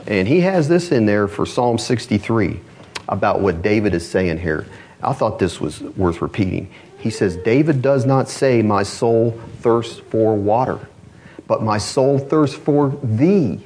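A male pastor preaching a sermon, reading quotations slowly and rising in emphasis on key phrases. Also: lowish voice, a little mellow. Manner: reads quotations aloud slowly and deliberately.

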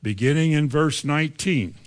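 A man preaching a sermon, reading scripture verses and retelling them in lively, folksy everyday speech. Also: a little high, normal speed.

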